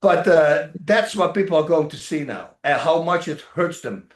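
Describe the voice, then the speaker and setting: Animated storytelling man, slightly high voice. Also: normal speed. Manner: animated, rambling anecdotes, acts out other people's lines, laughs often. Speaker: actor and former fighter, interview guest. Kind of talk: casual interview storytelling. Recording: roomy echoey sound.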